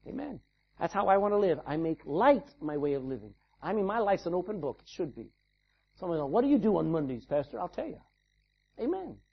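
Animated preaching pastor, lively voice. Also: male voice, high-pitched, fairly quick, slightly rough, highs cut off. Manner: animated preaching with acted-out asides. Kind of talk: sermon.

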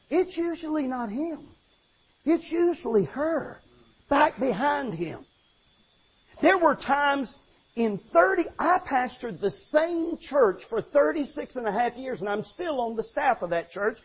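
An older man, a longtime pastor, preaching an animated sermon with emphatic restarts and sudden shouts. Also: very high-pitched, slightly rough, muffled recording.

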